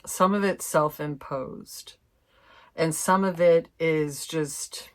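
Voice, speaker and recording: A woman's voice: deep voice, takes it slowly. A woman giving a casual intuitive tarot reading to her viewers, chatty and informal, with mild swearing. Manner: chatty, swears mildly, laughs, addresses viewers as fam. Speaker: tarot reader.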